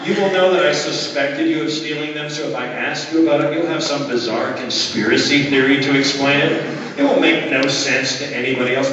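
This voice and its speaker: A man working as a stage hypnotist, giving slow, deliberate suggestions with repeated phrases during a live show in a school auditorium. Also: medium pitch, background noise. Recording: distant, echoey, dull hall recording.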